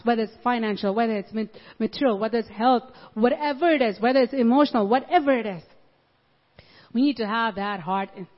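High-voiced woman preaching in a hall. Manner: animated storytelling, acts out the voices. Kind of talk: sermon. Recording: dull audio in a large reverberant hall.

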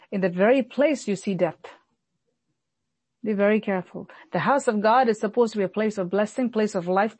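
A woman pastor delivering an earnest sermon, slowing down and repeating lines for emphasis. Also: mid-range voice, no echo. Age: adult, recalls childhood many years ago.

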